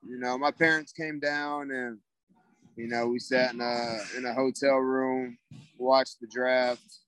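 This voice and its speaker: A man's voice: mid-range voice, flat delivery, a little slow, a bit bright, smooth, no room sound, poor audio. A laid-back young man telling a story in a casual interview, rambling with lots of fillers. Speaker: guest, former football player.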